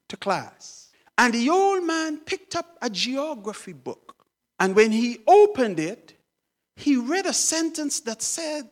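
A woman preacher telling a story in an emphatic, dramatic sermon style. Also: medium pitch.

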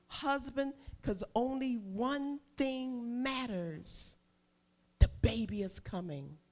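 A middle-aged woman preacher telling a personal story in a sermon, animated, calling out for amens. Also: fairly high pitch. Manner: animated storytelling, calls for amen, shouts acted quotes.

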